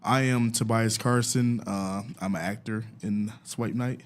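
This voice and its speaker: A man's voice: lowish voice, fairly even intonation, measured pace. A man, chatting as a guest on a radio show in an easygoing, joking way. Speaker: actor and comedian guest. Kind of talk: casual interview chat.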